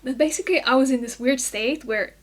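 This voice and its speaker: Animated, fairly high-voiced woman storyteller. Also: fairly quick. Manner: animated storytelling, laughs often, many "like"s. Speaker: podcast guest. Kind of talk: casual chat.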